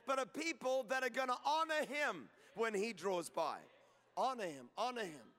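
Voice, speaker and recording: A middle-aged male pastor preaches in a very high, bright voice. He tells stories with humor and builds to emphatic declarations. His voice carries a long reverb from a large hall. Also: animated, normal speed. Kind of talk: sermon.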